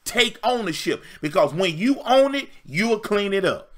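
A man's voice: high-pitched, big pitch swings, moderate pace, fairly bright tone. A man giving a livestream dating-coach talk, preacher-like, emphatic and repetitive with call and response.

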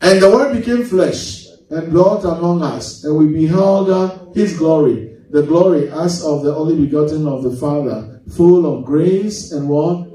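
A man's voice: fairly high pitch, a little slow, warm tone. A man preaching a sermon as pastor, reading scripture and asking the congregation leading questions for them to answer. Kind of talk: sermon with call-and-response Bible reading. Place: church hall. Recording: very echoey hall, mic far off.

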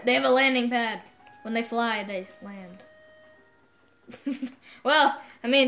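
Excitable woman gamer commentating. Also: fairly high pitch, soft background music. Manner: excitable, self-mocking, quick to yell. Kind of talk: let's play commentary.

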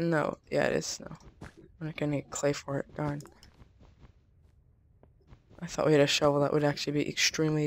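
A woman hosting a let's play, giving jittery gameplay commentary, exclaiming often and talking to her viewers. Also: deep voice.

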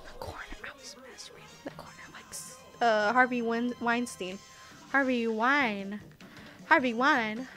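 A tipsy young woman streaming a game, rambling and swearing with giggles and sudden loud outbursts. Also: on the high side, steady tone, a little slow, faint music behind. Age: young adult. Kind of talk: casual gaming stream chat.

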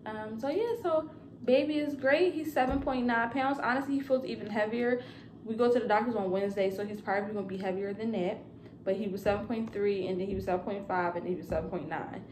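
Young woman, casual vlog chat, rambling, lots of fillers, mid-pitched, echoey room. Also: fairly even intonation, quick pace, a little mellow, slight background noise. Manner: chatty and rambling, with many fillers. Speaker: vlogger and new mother.

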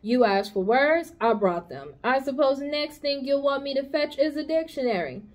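A grumbling male rat from a storybook, put on by a woman reading aloud. He complains sarcastically about every errand and sounds put upon. The voice swings from high and sharp to gruff and low. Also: animated, moderate pace.

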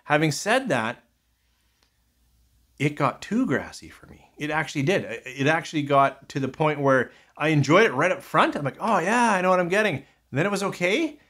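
A man's voice: a little high, very animated, normal speed, a bit bright, slightly rough. Rambling man reviewing whisky bottles. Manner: rambling, self-correcting, thinking aloud with many fillers. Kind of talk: casual review monologue.

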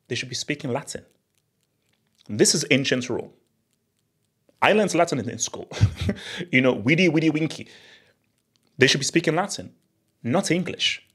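An excitable young movie vlogger chats casually to camera, using slang and repeating himself when he gets worked up. His husky voice sits at an ordinary middle pitch, and he laughs often.

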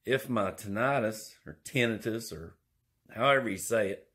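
A man's voice: fairly low pitch, expressive, moderate pace, a bit bright, slightly rough. A man, rambling and joking his way through an indoor vlog. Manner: rambling, jokey, drawling. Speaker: vlogger.

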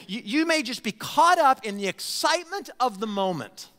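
A man preaching a sermon as pastor, animated and given to stumbling over and repeating his words, acting out the voices he quotes. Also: extremely high pitch, moderate pace. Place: church sanctuary. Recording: long reverb of a church hall.

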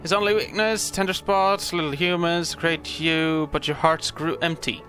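A man reading aloud the lines of an ancient, solemn spirit guardian from a game, in a grave, measured way. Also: fairly high pitch, fairly even intonation, sharp tone.

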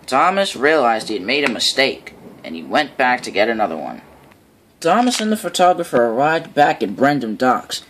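Man narrating a train story, lively pitch. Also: normal speed, a little hiss or hum. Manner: laughs between lines.

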